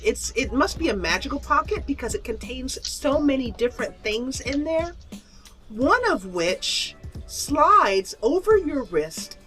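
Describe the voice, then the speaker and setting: A woman's voice: fairly high pitch, a bit bright. A woman narrating as game master of an online tabletop fantasy game, chatty with many fillers and laughs, on a desk microphone.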